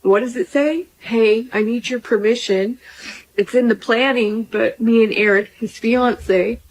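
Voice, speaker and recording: A woman's voice: a little high, a little slow, a little mellow, rough recording. A woman in her forties venting to camera in a hurt, bitter way about her husband. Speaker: woman in a viral clip.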